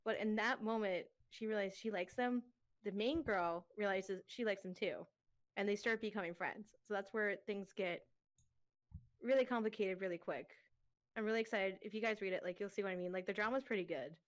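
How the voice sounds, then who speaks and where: A woman's voice: medium pitch, brisk. A young woman in casual chat as a co-host, chatty and giggly, full of fillers.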